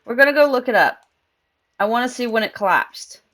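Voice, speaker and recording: High-voiced chatty woman game streamer. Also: lively intonation, a little fast, a bit bright. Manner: chatty, rambling, laughs often. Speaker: live streamer. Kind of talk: casual live-stream chat while gaming.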